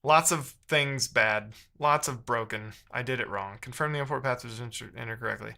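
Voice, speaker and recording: A man's voice: medium pitch, moderate pace, creaky, bright, forceful tone. A man live-streaming while he codes, reading chat aloud and muttering his frustration to himself.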